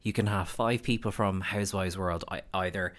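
A man's voice: low voice, fairly even intonation, moderate pace. A man hosting a podcast, chatting casually with a guest and laughing often. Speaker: podcast host. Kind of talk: casual chat interview.

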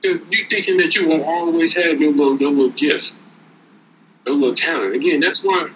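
A man's voice: on the high side, fairly quick, pushed and bright, a little hiss or hum, low-quality recording. A man giving casual, streetwise motivational talk as a podcast co-host, preaching and repeating words as he builds each point.

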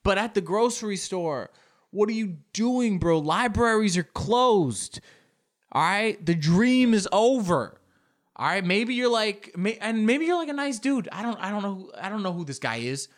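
A man doing a stand-up comedy bit, riffing in an animated, shouty and crude way, often jumping up in pitch. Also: normal speed.

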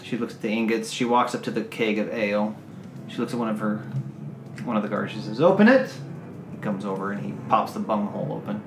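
A man narrating a tabletop game as game master, spinning relaxed, descriptive scenes at a middle pitch. The room rings with echo, and faint music plays underneath. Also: quick pace.

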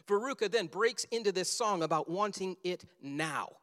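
A man with a high voice preaches a sermon, animatedly acting out scenes as he tells them. His voice rings with a long hall reverb, as if recorded in a large sanctuary. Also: moderate pace, hardly any pauses, fairly bright tone.

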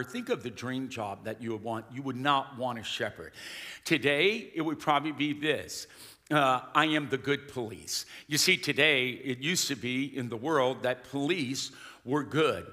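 A man preaching a sermon as a pastor, animated and calling out to the congregation for responses. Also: a little high. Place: church sanctuary. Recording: long hall reverb.

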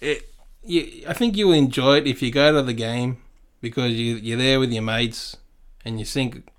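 A man's voice: mid-range voice, moderate pace, clear, resonant tone. An Australian man chatting on a podcast. He is blunt, swears a lot and drops "mate" into nearly every sentence. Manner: blunt, swears freely, keeps saying "mate". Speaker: podcast guest. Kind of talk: casual chat.

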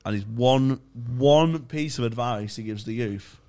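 A man's voice: medium pitch, dark tone. Young man, comedy podcast co-host, sweary anecdotes broken up by laughs. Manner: sweary and laughing, rapid bursts. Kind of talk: casual chat, comic storytelling.

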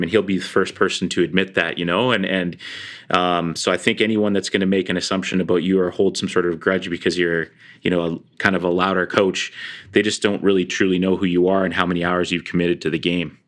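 A man's voice: low-pitched, little pitch movement, brisk, a bit bright. A man hosting a podcast interview, asking long, rambling questions full of fillers. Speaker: podcast host. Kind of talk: casual interview.

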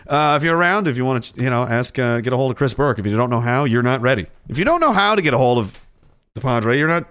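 Rambling, profane livestream host. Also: male voice, medium pitch, big pitch swings, quick pace, a bit bright, no echo. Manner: rambling, profane and cynical, with frequent restarts. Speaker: livestream host reading viewer comments. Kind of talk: casual livestream chat.

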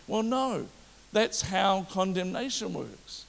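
A man delivers a sermon in a high, gravelly voice, speaking straight to his congregation and asking whether they follow. His words ring through the long reverb of a large hall. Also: unhurried, a little hiss or hum. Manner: animated preaching with audience asides. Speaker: pastor.

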